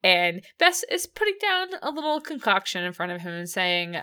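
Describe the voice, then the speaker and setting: A woman's voice: medium pitch, animated, moderate pace, sharp tone. A woman chatting casually as a podcast co-host, laughing often and acting out quoted lines. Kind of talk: casual recap chat.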